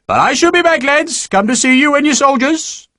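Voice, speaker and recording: A man reading an audiobook voices a bluff, hearty army sergeant who talks rough barrack-room slang with fondness for his recruits. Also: very high-pitched, lively intonation, normal speed, sharp tone, no room sound, studio quality, voice pushed up, exaggerated voice. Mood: gruff, fond. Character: bluff older male recruiting sergeant, gruff but fond.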